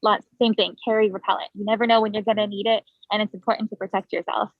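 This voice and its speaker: A woman's voice: mid-range voice, little pitch movement, fast, dry recording, dull audio. A woman educator recapping advice for residents in a friendly, casual way. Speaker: vector control educator.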